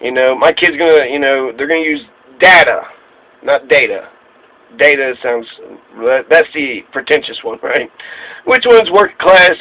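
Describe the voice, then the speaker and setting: A man's voice: fairly high pitch, lively intonation, normal speed, pushed and bright, low-quality recording. A man giving a sarcastic, rambling political monologue, running down lists of complaints in a casual spoken style. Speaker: political commentator.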